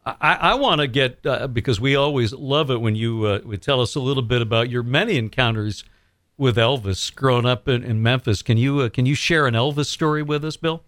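A man's voice: mid-range voice, brisk, fairly bright tone, dry recording. A man hosting a radio interview, asking friendly, encouraging questions. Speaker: radio host.

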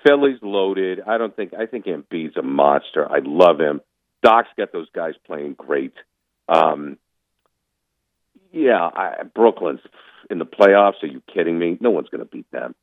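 A man's voice: deep voice, lively intonation, unhurried, dry recording. A man calling in as a sports commentator, talking in a casual interview with emphatic, opinionated rants. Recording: tinny phone line.

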